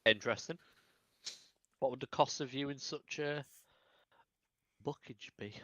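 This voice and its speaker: Posh, haughty gentleman adventurer, put on by a man; dull, dry mic. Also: medium pitch, a little slow, no room sound. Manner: posh, put-on refined speech.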